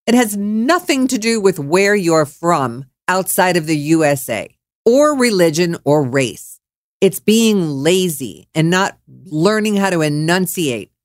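A woman radio host rants on air with heated, mocking fury and swears freely. Her voice sits a little low, but she swings it up and down with lively force. The studio sound is close and dry. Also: a little slow, no room sound. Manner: furious, profane, mocking. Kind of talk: angry on-air rant.

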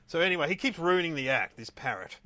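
A man's voice: a little high, very animated, fast, sharp tone, no echo. A man co-hosting a casual chat, telling an old joke with frequent restarts and laughs.

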